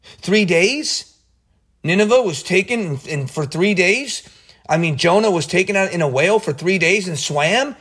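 A man giving an excited, casual Bible study talk, often laughing and restarting his sentences. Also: high-pitched, unhurried, slightly rough. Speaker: Bible teacher.

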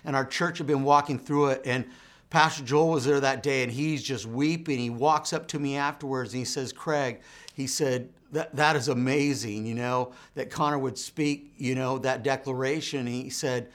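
A man with a Texan accent, a minister telling an emotional personal testimony in an earnest storytelling way, dropping to a hushed voice when quoting dialogue. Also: medium pitch, fairly even intonation, moderate pace.

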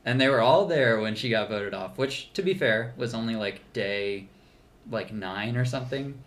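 A man's voice: medium pitch, normal speed, fairly bright tone. A man co-hosting a podcast, chatting casually through a show recap, laughing often and restarting his sentences with lots of fillers. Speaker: podcast co-host.

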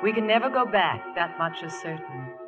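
A woman's voice: fairly low pitch, big pitch swings, moderate pace, over loud music. An actress playing a shy, poor young woman in a 1940s radio drama, stammering and hesitant, on a dull old radio recording. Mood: wistful. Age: young adult.

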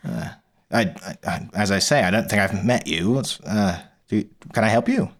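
A man's voice: lowish voice, expressive, normal speed. A man voicing a huge, friendly, scatterbrained female tinkerer who stammers and forgets what she has said. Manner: chatty, stammering, laughs at own slips.

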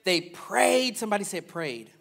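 A male pastor preaching a sermon, animated, swinging from loud preaching to soft, playful asides. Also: high-pitched, moderate pace, vocal fry.

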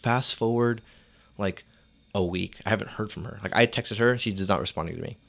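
A man's voice: on the low side, a little fast, vocal fry, fairly bright tone. A young man telling a long story in casual, profane chat, with many "like"s and quoted dialogue. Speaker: storyteller guest.

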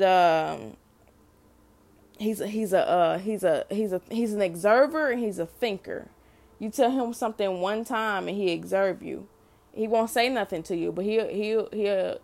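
Gravelly-voiced woman giving heartfelt testimony. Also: medium pitch, darkish tone. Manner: earnest, repeats and restarts phrases, addresses listeners directly. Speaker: mother sharing a faith message. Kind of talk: unscripted spoken testimony.

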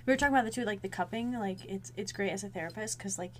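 A woman's voice: mid-range voice, slight background noise. A woman therapist co-hosting a podcast, chatting casually with lots of fillers. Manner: bright, quick, lots of "like". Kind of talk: casual chat.

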